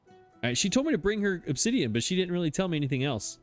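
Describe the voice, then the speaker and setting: A man's voice: high voice, big pitch swings, fast, soft background music. A man giving casual, self-mocking commentary as he plays a game, chatting and laughing at himself as he goes. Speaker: let's play host.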